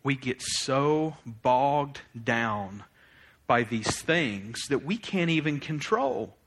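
Bright-voiced pastor preaching. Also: male voice, mid-range voice, takes it slowly. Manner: animated, swings from loud exclamations to quiet reflection, laughs often. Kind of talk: sermon.

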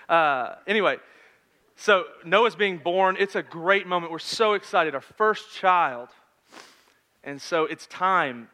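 A man in his thirties preaching a sermon in a conversational storytelling manner, swinging between loud and hushed. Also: on the high side. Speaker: pastor.

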